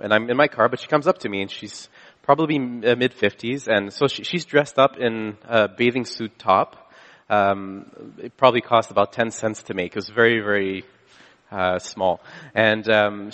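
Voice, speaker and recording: Preaching with a medium-pitched, slightly bright voice, a pastor from Canada shares a personal story in a relaxed, chatty manner. He frequently restarts and self-corrects, and the sound echoes with long hall reverb.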